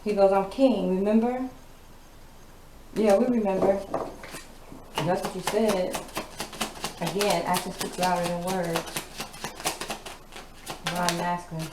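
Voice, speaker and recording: A woman's voice: on the low side, flat delivery, unhurried, long pauses. A woman giving a casual tarot reading. She talks bluntly, with a sassy tone and plenty of swearing. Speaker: tarot reader. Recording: echoey room with background noise.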